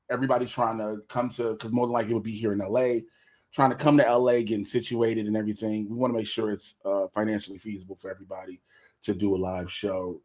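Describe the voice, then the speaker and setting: A man in his forties co-hosting a casual livestream, joking loosely and reading out donor messages. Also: medium pitch. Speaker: podcast co-host.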